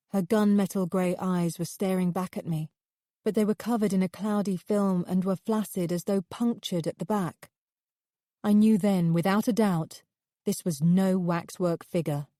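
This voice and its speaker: A woman reads a first-person thriller audiobook in a measured, tense way. Her voice is low and dark, and the studio recording is close and dry. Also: no room sound. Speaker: audiobook narrator.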